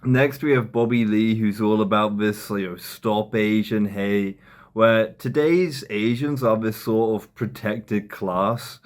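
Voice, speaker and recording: A man's voice: fairly low pitch, takes it slowly. A man delivering sarcastic, mocking commentary on a podcast clip for a comedy video. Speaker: commentary YouTuber.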